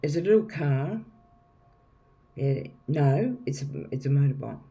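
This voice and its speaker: A man's voice: on the high side, animated, a little slow, warm tone. A man giving a casual, rambling tarot reading to viewers, repeating himself and often checking in with "okay?". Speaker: tarot reader.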